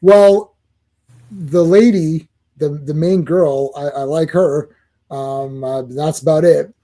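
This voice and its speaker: A man co-hosting a casual podcast chat, blunt and opinionated, getting excitable. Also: on the high side, takes it slowly. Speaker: podcast co-host.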